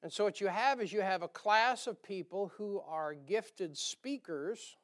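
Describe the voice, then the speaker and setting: A man's voice: sits high, moderate pace. A man with a northern US accent preaching a sermon in a church, in a folksy, rambling way with jokey asides and a nasal twang. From northern United States.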